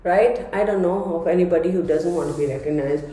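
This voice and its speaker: Speaking briskly in a lowish, mellow voice, a woman chats casually through a tarot reading for her viewers, frequently breaking into laughter. The recording has heavy echo from the room.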